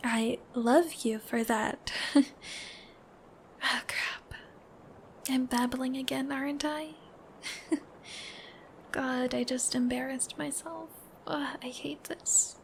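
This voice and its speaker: A woman's voice: high-pitched, steady tone, very slow, long pauses, darkish tone, slight background noise. A young woman playing a shy, giggly girlfriend who babbles affectionately, in a whispered role-play. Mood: shy, tender.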